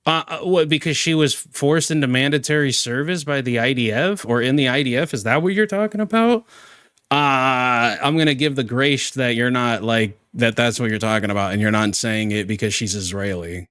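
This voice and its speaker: A man's voice: medium pitch, moderate pace, a bit bright, clear, resonant tone, dry recording, clean studio sound. A young man and former Marine hosting a heated reaction commentary, sarcastic and exasperated, swearing freely.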